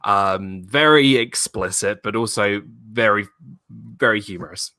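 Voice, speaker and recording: A man's voice: lowish voice, a little slow, pushed and bright, no room sound. A man in a casual live-stream chat who talks enthusiastically about a favorite comedy film, laughing often. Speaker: co-host.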